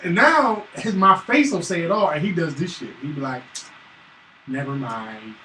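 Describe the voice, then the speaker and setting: A man chatting casually and acting out stories about his son, profane and animated. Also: high-pitched, fairly quick. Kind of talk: casual chat, storytelling. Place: room at a live stream. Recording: roomy, distant mic, faint hiss.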